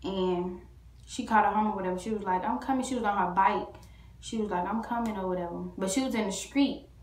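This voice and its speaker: A woman's voice: medium pitch, steady tone, a little fast. A woman vlogger telling a story casually to camera, rambling with many fillers and restarts. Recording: echoey room.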